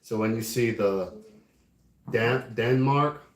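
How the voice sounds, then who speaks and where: A man's voice: mid-range voice, takes it slowly. A man teaching a religious study class, heard in an echoey room. He talks in a mid-range voice and tags "right?" onto nearly every point. His delivery is loose and conversational. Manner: frequently asks "right?".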